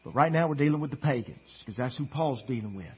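A man preaching a sermon as pastor, emphatic and swinging between hushed passages and loud declarations. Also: mid-range voice, lively intonation, fast talker, breathy edge, dull audio.

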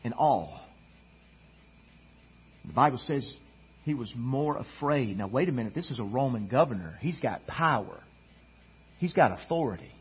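A man preaching a sermon with a dramatic delivery, swinging between loud emphasis and hushed low tones. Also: breathy edge. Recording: dull lo-fi sound.

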